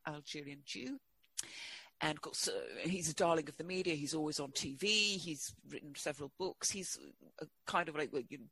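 A man being interviewed as a guest, talking in a halting way with many fillers and restarts. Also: on the high side, sharp tone, no echo. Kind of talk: interview conversation.

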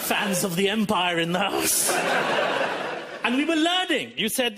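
A man's voice: sits high, big pitch swings, a little slow, pauses often, over a noisy crowd. A male stand-up comedian from India with an Indian accent, talking wryly and conversationally on stage. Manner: wry and conversational. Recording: loud background noise.

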